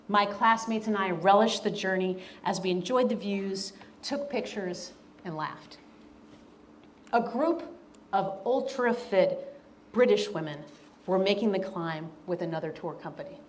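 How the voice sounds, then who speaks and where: A woman's voice: medium pitch, slight background noise. Earnest woman speaker reading her book. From American South. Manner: earnest, emphatic, repeats key lines. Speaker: author and speaker. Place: event room before an audience.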